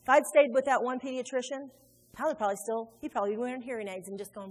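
A woman pastor preaching a sermon in a large church, animated and conversational, acting out little quotes as she goes. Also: fairly high pitch, brisk, long pauses. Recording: reverberant hall with faint music.

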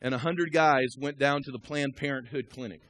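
A man preaches a storytelling sermon, swinging from a hushed murmur to shouting and exhorting the congregation directly. He has a medium pitch, a steady tone and a moderate pace.

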